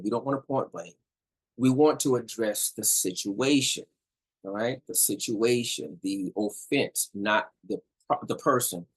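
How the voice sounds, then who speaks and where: A man's voice: medium pitch, breathy edge, rough recording. A middle-aged man giving a casual talk on relationship communication, emphatic and repetitive, often checking in with "all right?". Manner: emphatic, repeats points, asks "all right?". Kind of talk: casual instructional talk to viewers.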